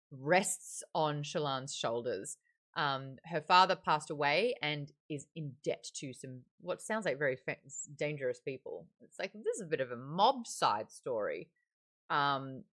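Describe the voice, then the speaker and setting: Bright, lively woman hosting a book club. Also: low-pitched. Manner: chatty, animated, laughs often. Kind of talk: casual book discussion.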